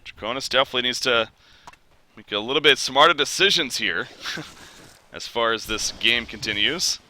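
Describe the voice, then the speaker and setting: A young man casting an esports match, his voice worn hoarse from being under the weather, climbing into shouts when fights break out. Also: mid-range voice, lively intonation, moderate pace. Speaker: esports caster. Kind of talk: play-by-play esports commentary.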